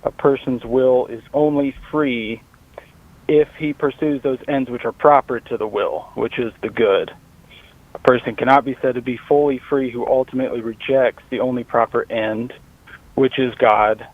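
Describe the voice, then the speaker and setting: A man's voice: mid-range voice, steady tone, normal speed, no echo. Caller guy on a thin phone line, earnest, kinda formal. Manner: earnest, formal, reads out an argument. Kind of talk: phone call to radio show.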